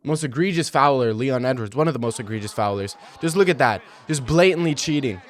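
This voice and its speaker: A young man in his twenties giving casual, animated and mocking commentary over fight replays. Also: medium pitch, brisk, soft background music. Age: 20s. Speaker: video commentator.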